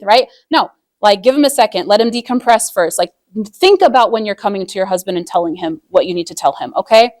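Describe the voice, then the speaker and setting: A woman's voice: on the high side, lively intonation, fast talker, darkish tone, dry recording, clean studio sound. A woman giving a casual religious lesson on marriage in a chatty way, full of "like", acting out quoted voices as she tells stories. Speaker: Islamic marriage teacher.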